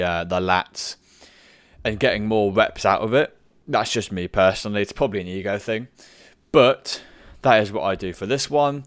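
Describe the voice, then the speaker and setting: A man with a fairly low voice walks through his workout in a loose, chatty way, showing moves as he goes. The sound is dry and close, with little room around it. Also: no room sound. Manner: chatty, demonstrating as he talks, loose phrasing. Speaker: fitness vlogger. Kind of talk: casual workout explanation. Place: gym.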